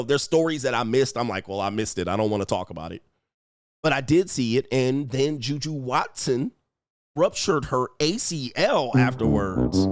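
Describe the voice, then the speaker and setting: In his home studio, a livestream host goes through viewer super chats, poking fun at them in slang and breaking into frequent laughter. The casual commentary comes through clean and echo-free, in a mid-range voice.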